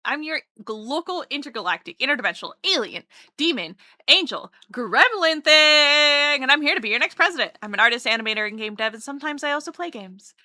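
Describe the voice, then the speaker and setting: A rambling, playful woman streamer chats with her viewers as she draws. Her voice is very bright and sits a little high. The sound is close and dry, with no room echo. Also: animated, fast. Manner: chatty, rambling and playful, greets chat warmly. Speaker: streamer and artist. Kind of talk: casual livestream chat while drawing.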